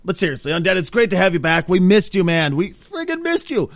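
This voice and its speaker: Hyper podcast host dude, high voice, swings all over the place, swears a lot. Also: male voice, fairly quick, no room sound. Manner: excitable, laughing, swearing. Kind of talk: casual chat.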